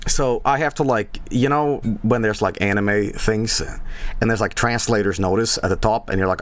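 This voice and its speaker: A man's voice: on the low side, steady tone, moderate pace, fairly bright tone. A man, chatting casually on a stream, rambling, swearing and laughing often. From Sweden. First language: Swedish.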